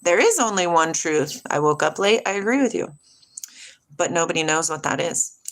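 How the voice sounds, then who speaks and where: A middle-aged woman hosting a casual spiritual livestream, reading viewers' comments aloud and answering them with lots of laughter. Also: moderate pace. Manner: animated, laughs often, jumps between hushed and high. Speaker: livestream host reading chat.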